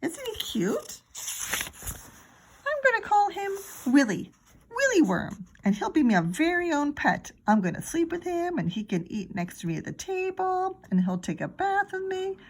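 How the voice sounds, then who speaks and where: A woman voicing Fudge, an excitable mischievous little boy, high and squeaky in a storybook reading. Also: normal speed, full character voice, rough recording. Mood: gleeful.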